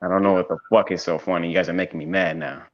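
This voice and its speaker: A man's voice: low voice, very animated, very fast, creaky, crowd noise. A man calling in to a livestream, trash-talking and boasting in crude joking banter. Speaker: call-in guest on a livestream. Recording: dull lo-fi call audio.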